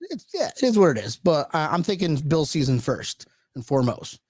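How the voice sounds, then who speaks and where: High-voiced animated man, dry close mic. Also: brisk, breathy edge, no room sound. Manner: animated, laughing, trails off and restarts. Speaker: co-host. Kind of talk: casual chat.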